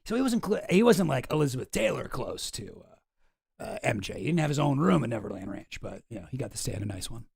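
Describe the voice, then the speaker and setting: A man's voice: mid-range voice, very animated, fast talker, gravelly, darkish tone, slightly rough, no echo. A man streaming casual commentary from home, dry and skeptical, often trailing off into mumbles.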